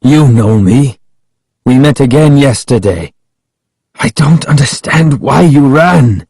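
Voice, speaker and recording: A man reading a storybook who voices a stern adult man, shouting and then out of breath and insistent. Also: medium pitch, animated, slow, husky, dry recording, studio quality, voice pushed up, heavily acted. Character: stern angry adult man, panting after a chase.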